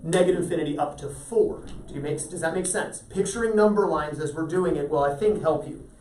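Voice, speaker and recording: A man's voice: on the high side, brisk, darkish tone, slight background noise. Male teacher lecturing in an echoey classroom. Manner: asks the class frequent check-in questions. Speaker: math teacher. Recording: roomy echo, voice from far off.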